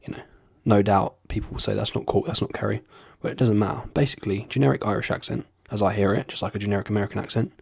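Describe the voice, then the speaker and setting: A man's voice: fairly low pitch, quick pace, gravelly, hardly any pauses, darkish tone, husky, no echo, clean studio sound. A young man chatting casually to camera in a rambling, sweary, self-deprecating way. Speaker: vlogger doing accents.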